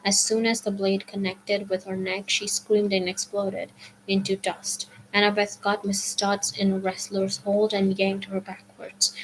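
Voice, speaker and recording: A woman reading a novel aloud as a storyteller, steady, with some passages dropped to a whisper. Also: mid-range voice, slight background noise, low-quality recording. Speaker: audiobook reader.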